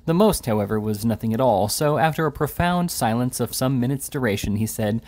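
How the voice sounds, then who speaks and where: A man reading a classic novel aloud in a measured, deliberate narration with occasional restarts. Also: medium pitch, animated, a little mellow. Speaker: reader.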